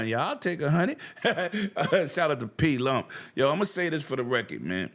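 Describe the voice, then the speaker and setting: A man's voice: a little high, big pitch swings, a little slow, a bit bright. A man hosting a casual gaming livestream, ranting with profanity and greeting viewers in chat. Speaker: livestream host.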